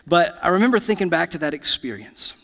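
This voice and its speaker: Thirties male pastor, slightly high voice, chatty storytelling sermon, long church reverb. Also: sing-song, a little fast, a bit bright. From United States. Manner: conversational, storytelling with asides to the congregation. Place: church sanctuary.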